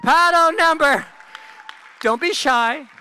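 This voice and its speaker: At a gala with guests chattering in the background, a male host runs the fundraising paddle raise on a handheld microphone. His voice is very high-pitched, bright and forceful. Upbeat and rallying, he stretches out the paddle numbers slowly and announces donation amounts.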